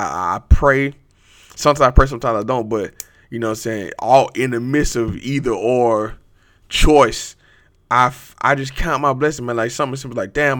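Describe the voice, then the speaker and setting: A young man talks straight into the mic on his own podcast. His voice sits at a middle pitch. He rambles and swears, gets hyped and breaks into laughter. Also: fairly bright tone. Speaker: podcast host. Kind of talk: casual motivational monologue.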